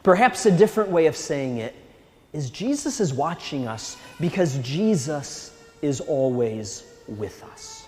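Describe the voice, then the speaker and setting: A male priest giving a Sunday sermon in a church, speaking gently and reassuringly with a touch of humor. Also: fairly high pitch. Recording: echoey church hall.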